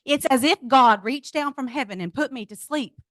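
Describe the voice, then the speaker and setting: A middle-aged woman giving a lively personal testimony to a group, speaking to them directly. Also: high-pitched, normal speed, no room sound. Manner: animated storytelling, addresses audience as y'all. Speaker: speaker at a business event. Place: event venue.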